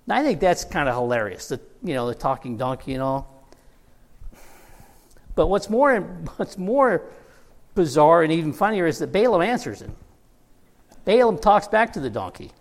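Pastor preaching in a reverberant hall. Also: male voice, on the high side. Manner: storytelling with humor, quoting characters in lively voices. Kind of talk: sermon.

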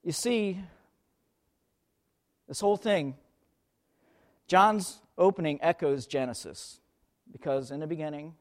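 Male preacher, high voice, slow delivery, emphatic, repeats words. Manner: emphatic, repeats key words, searches aloud for verses. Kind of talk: sermon.

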